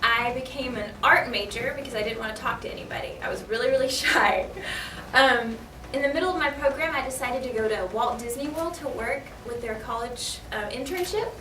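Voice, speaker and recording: A young voice actress answering convention panel questions in a giggly, chatty, self-deprecating way. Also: female voice, on the high side, fairly quick, bright, forceful tone, slight background noise. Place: large convention hall. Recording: echoey hall from far off.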